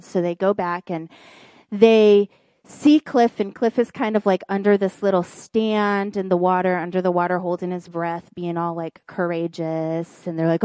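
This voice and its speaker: A woman, a pastor's wife, preaching in church and telling a funny personal story in an animated way. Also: mid-range voice, measured pace, clear, resonant tone, dry recording. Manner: animated storytelling, acts out quoted voices. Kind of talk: sermon with a humorous personal story.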